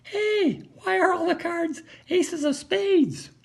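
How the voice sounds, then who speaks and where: A man voicing a heckling parrot that shouts out a magician's tricks in shrill squawks. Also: takes it slowly, creaky, exaggerated voice. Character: heckling male parrot on a cruise ship.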